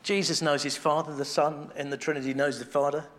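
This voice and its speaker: A man with a somewhat raised pitch delivers a sermon in an easy, conversational way. He thinks aloud, doubles back on phrases, and sinks into a hushed, intimate tone when a point turns personal. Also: flat delivery, brisk. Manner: conversational, thinking aloud with restarts and soft asides; drops to a quiet, intimate tone on devotional points. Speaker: preacher.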